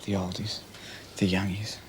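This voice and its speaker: An actor playing a leering, menacing Australian criminal who talks crudely and often drops into a rasping whisper. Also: male voice, sits low, little pitch movement, normal speed, a little hiss or hum, natural voice. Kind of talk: TV police drama acting.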